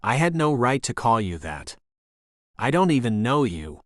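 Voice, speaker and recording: A man reading the lines of a desperate young woman student in an audiobook, softly apologetic and pleading. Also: mid-range voice, sing-song, normal speed, no echo, studio quality, close to an everyday voice.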